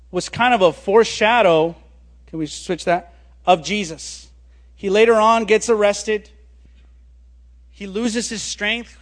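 Delivering a sermon, a male pastor tells a story, his voice lifting with animation and then dropping low and quiet on the key words.

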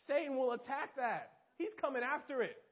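A young man preaching an informal sermon, animated and talking straight to his listeners. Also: very high voice, brisk, slightly rough. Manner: animated, talks straight to listeners, acts out quotes. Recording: dull lo-fi recording.

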